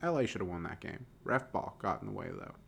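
A young man with a Southern American drawl talks football on a casual podcast. His voice is bright and forward, and he drops the g at the end of his -ing words. The animated delivery sits over a faint hum of background noise. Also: sits low, fast talker, vocal fry. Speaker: podcast co-host. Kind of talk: casual sports chat.

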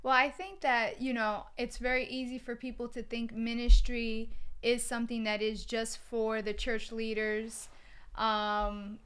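A woman co-hosting a casual faith podcast, her voice bright and crisp, sitting a little high. She tells stories in an animated way, full of fillers and sudden lively bursts. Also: measured pace. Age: adult with a daughter. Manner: animated storyteller, many fillers. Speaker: co-host.

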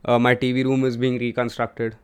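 A man's voice: medium pitch, level tone, a little fast, clear, resonant tone. A young man with an Indian English accent hosting a solo podcast at home, talking in a candid, profane, rambling way. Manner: candid and profane, switches between English and Hindi. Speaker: podcast host. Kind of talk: casual solo podcast monologue. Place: room at home.

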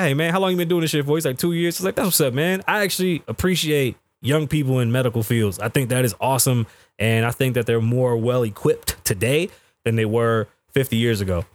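A man in his thirties hosting a podcast, telling a story in a profane, animated way and acting out the people he quotes. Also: medium pitch. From United States. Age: 30s. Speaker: podcast host. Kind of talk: casual storytelling monologue. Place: podcast studio.

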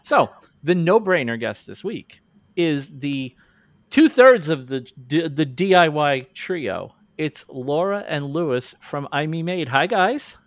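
A man in his forties hosts a casual podcast chat in a somewhat high, very lively voice. He talks in an animated, self-mocking way and acts out little quoted lines. The sound is dry and close. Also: slow pace, no room sound. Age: 40s. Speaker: podcast host.

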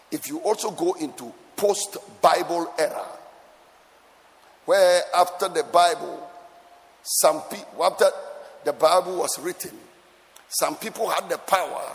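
A man preaching a sermon with emphatic repetition, swinging between soft asides and loud exclamations, at times half-singing his lines. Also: fairly high pitch, long reverb tail. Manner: sometimes lapses into a sung cadence.

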